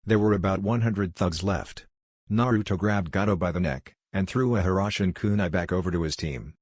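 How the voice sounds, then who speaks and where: A man reads fan fiction aloud in an even, steady way. His voice is low and the recording is dry and close. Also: moderate pace, dry recording. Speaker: story narrator.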